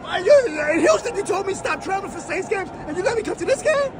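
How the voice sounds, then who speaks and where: A man's voice: extremely high pitch, big pitch swings, fast, over a noisy crowd, pitched above the performer's own voice. A man playing a stubborn, stranded football fan who whines and pleads that he won't leave. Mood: stubborn whining. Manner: pleading, wailing, indignant.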